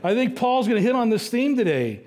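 A middle-aged male pastor giving a conversational sermon, slowing down to read scripture aloud. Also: extremely high pitch, sing-song, a little mellow. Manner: conversational preaching, reads scripture slowly.

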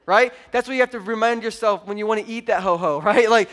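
A man, a pastor preaching a sermon and telling family stories with lively energy. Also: high voice, fast, hardly any pauses. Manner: animated storytelling, acts out his daughter's voice.

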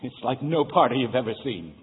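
A man's voice: medium pitch, brisk, lightly acted. A man playing an eager, coaxing guide. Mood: earnest. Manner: earnest, coaxing, excited. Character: eager, encouraging male guide. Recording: tinny, echoey hall, faint music.

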